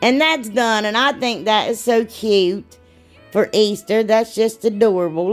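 A woman's voice: mid-range voice, unhurried, soft background music. A woman chatting casually through a craft tutorial, rambling and self-deprecating, laughing at herself. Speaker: DIY crafts vlogger.

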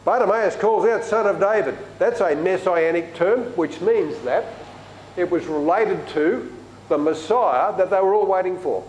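A man's voice: high voice, unhurried, a little mellow, reverberant, slight background noise, poor audio. A man preaching a sermon in a chatty, storytelling way in a church.

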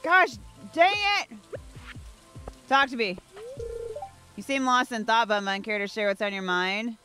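A woman's voice: mid-range voice, moderate pace, bright, forceful tone. A woman streaming a game, chatting playfully and giggling as she talks to the characters on screen. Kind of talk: casual gameplay commentary. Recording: faint background music.

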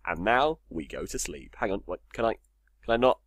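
A young man chats through his block-building game, cursing and cracking jokes to himself. His pitch bounces up and down a lot. The sound is dry and close to the mic, with no room around it. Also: lively intonation, normal speed, no echo. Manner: swears a lot, jokey, talks to himself. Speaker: gamer. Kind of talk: casual Minecraft let's play commentary.

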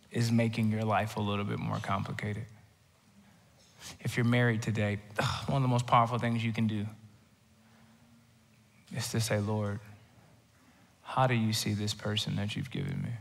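A man preaching a sermon in a church, telling scripture stories in an animated way and acting out the voices. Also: lowish voice, creaky, long reverb tail. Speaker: guest preacher. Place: church auditorium.

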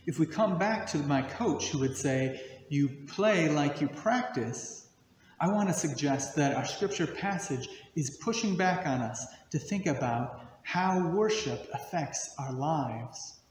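A man's voice: on the high side, animated, measured pace, hardly any pauses, darkish tone, a little hiss or hum. A young adult man, a guest speaker who works as a missionary, giving a reflective, earnest sermon. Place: church service recording. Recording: echoey hall with long reverb.

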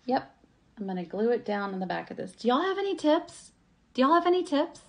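A woman's voice: a little high, sing-song, brisk, a little mellow. Chatty woman crafting on camera. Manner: chatty, self-deprecating, talks to viewers as y'all. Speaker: craft vlogger. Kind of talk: live craft tutorial chat. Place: home craft table, indoors.

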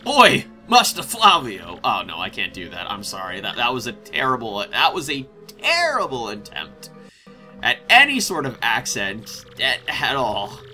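A man hosting a casual let's play, rambling and excitable, often breaking into laughter. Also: medium pitch, normal speed, faint music behind. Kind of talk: casual gameplay commentary.

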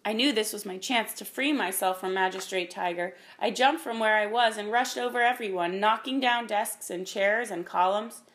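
A woman narrating a children's story in a calm, measured way. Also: medium pitch. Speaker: audiobook narrator.

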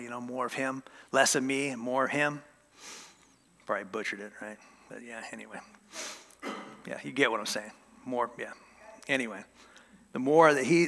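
A man's voice: medium pitch, bright, forceful tone, big-room sound. A man preaching a casual sermon as a pastor, conversational and joking with the congregation. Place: church sanctuary.

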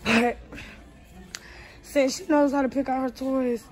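A young woman, a mother, chats casually to her viewers while browsing a large store. Her voice sits a little high, and she talks straight into a handheld phone. Faint store music plays behind her. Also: fairly even intonation, a little slow, poor audio. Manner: chatty, addresses viewers as y'all. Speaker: vlogger, mother. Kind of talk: casual vlog while shopping.

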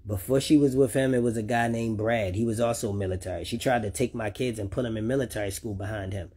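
A man's voice: on the low side, fairly even intonation, fast, a little mellow, husky. A man speaking to viewers about his children, heated and repetitive, swearing often. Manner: talks directly to listeners. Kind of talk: unscripted personal vlog rant.

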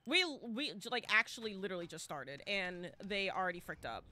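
A woman streamer giving chatty, excitable live commentary as she plays, now and then breaking into loud shouts. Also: medium pitch, a little fast.

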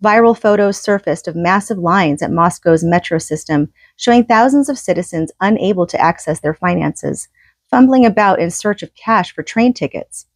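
A woman's voice: fairly low pitch, lively intonation, moderate pace, no room sound. A woman reading a book aloud and adding her own commentary in an earnest tone, often asking rhetorical questions.

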